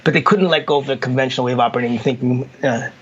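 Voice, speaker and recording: A man's voice: mid-range voice, steady tone, racing, highs cut off, slight background noise. A man, a consultant, talking casually and telling stories with acted quotes and frequent restarts. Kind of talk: casual conversation.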